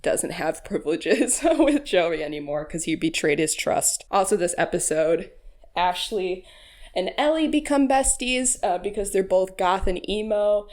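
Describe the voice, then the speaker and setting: A woman's voice: medium pitch, animated, a little slow, a little mellow. A woman hosting a casual recap voice-over, chatty and frank, laughing often and using lots of fillers. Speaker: YouTube recap host.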